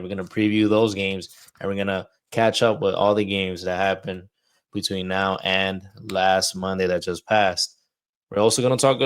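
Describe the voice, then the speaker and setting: This baseball podcast host has a lowish voice and clean sound, chatting in a loose, casual way while a little out of breath. He talks his way through ad reads as if cutting a wrestler promo.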